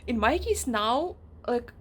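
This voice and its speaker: High-voiced, emotional woman book vlogger. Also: takes it slowly, slight background noise. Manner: emotional, animated, acts out characters in quoted asides. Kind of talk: casual reading vlog chat.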